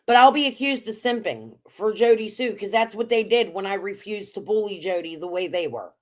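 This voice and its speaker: Accusatory woman, mid-pitched, emphatic. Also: fairly quick. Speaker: livestream guest. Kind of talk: heated casual commentary.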